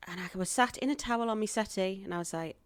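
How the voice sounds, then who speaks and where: A woman guesting on a podcast, an actress and stand-up comic, tells personal stories quickly at medium pitch and acts out the other people's lines. The recording is dry.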